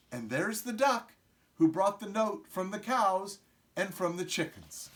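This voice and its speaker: A middle-aged man reading a picture book aloud to preschool children, often stopping to ask them questions. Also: high-pitched. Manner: slow, animated, asks the children questions. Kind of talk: storybook read-aloud to young children.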